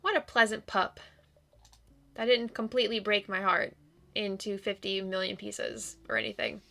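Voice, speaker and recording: A woman's voice: medium pitch, lively intonation, normal speed, creaky, sharp tone. A woman hosting a let's play, making wry, sarcastic asides as she reads through a game. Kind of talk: gameplay commentary.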